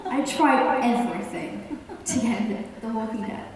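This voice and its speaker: A woman's voice: fairly high pitch, lively intonation, unhurried. A young woman, an actor on a fan panel, chatting in a bubbly, giggly way. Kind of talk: casual panel Q&A. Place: large convention hall. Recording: echoey hall from far off, noisy.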